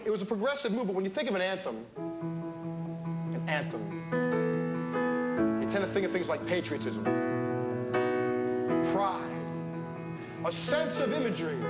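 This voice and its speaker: Animated New comedian. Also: male voice, high voice. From New Jersey. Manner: animated, playful joke-telling. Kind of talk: stand-up comedy. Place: comedy stage.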